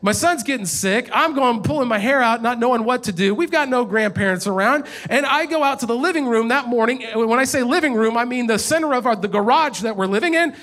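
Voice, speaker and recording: Casting: high-pitched male pastor, thirties, lively storytelling sermon. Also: brisk, few pauses. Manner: storytelling, animated, rising in pitch when telling of frustration.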